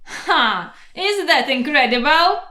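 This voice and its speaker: A woman voicing a boastful, proud male mosquito who pitches himself like a salesman, grandiose and persuasive. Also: expressive, slow, sharp tone, exaggerated voice. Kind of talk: storybook voice acting. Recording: roomy echo.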